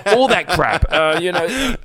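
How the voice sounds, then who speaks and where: A man telling a long, animated, sweary rant in casual podcast chat. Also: sits high, measured pace. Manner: animated ranting storyteller, swears a lot.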